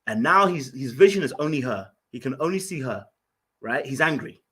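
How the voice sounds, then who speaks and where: A man from Ghana, telling an animated story in casual podcast chat, full of fillers and restarts. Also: medium pitch, normal speed, slightly rough. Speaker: podcast guest.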